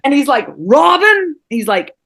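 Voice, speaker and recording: Woman guest from New Zealand, acting teacher, lively storyteller, swears and laughs easily. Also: mid-range voice, normal speed. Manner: animated, swears freely, laughs often. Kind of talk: casual storytelling interview.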